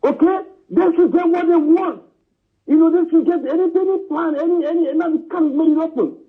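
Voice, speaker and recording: A man's voice: extremely high pitch, a little fast. A man from southeastern Nigeria, calling in to a live stream and insistently pressing his point, often saying "you know" and "understand?" and calling the host "my brother.". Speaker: caller. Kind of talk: phoned-in opinion to a live stream. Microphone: phone. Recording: tinny phone line.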